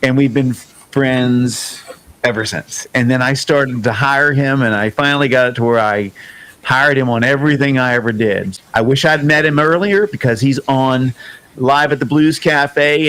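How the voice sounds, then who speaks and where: A man hosting a music podcast tells a story with lots of energy. He drops into the voices of the people he quotes, and his pitch stays mid-range. The delivery is relaxed and conversational. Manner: animated storyteller, acts out quoted dialogue. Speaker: podcast host and singer. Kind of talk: casual storytelling interview.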